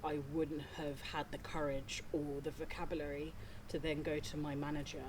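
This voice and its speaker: A woman in a casual mental health chat, speaking in a measured, articulate way. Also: low-pitched, little pitch movement, noisy background.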